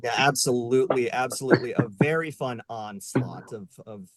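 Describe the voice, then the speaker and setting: A man's voice: medium pitch, normal speed, crowd noise. A man hosting a live online panel show, upbeat and joking, with many fillers. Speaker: host. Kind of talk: casual live panel chat.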